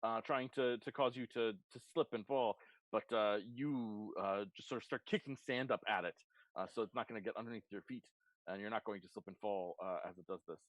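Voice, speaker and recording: A man's voice: on the low side, fairly quick, dry recording, rough recording. A man running a tabletop game as game master, narrating with lots of fillers. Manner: relaxed, filler-heavy narration.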